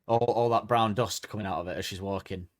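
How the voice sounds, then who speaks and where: This podcast co-host has a low-leaning voice and a quick pace, recorded at studio quality without echo. His casual, comedic chat is lively and full of jokes, and he performs the quotes he repeats.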